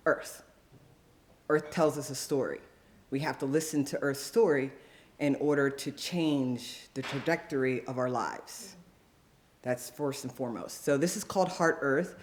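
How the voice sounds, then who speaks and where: A man's voice: mid-range voice, measured pace. A man introducing himself as a poet at an open mic, talking to the audience in a chatty way and checking in with them often. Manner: chatty, coaching the crowd with repeated check-ins. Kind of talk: addressing a live audience. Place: live venue before an audience.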